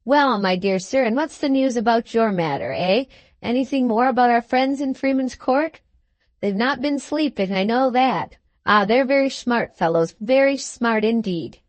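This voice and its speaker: Woman reading as a fussy little bustling lawyer man, brisk and knowing, pitched up. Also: animated, no room sound, natural voice. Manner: brisk, knowing, repeats "my dear sir".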